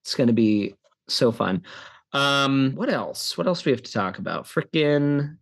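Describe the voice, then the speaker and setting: A man's voice: medium pitch, animated, measured pace. A young man from the United States co-hosting a film podcast, chatting casually and rambling with many restarts. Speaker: podcast co-host.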